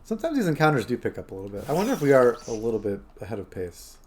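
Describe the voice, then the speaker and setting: A man's voice: medium pitch, very animated, racing, a little mellow, a little hiss or hum. A man streaming a game, chatting casually and rambling to his viewers. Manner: rambling, chatty, talking to chat and his phone. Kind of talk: casual live-stream chat.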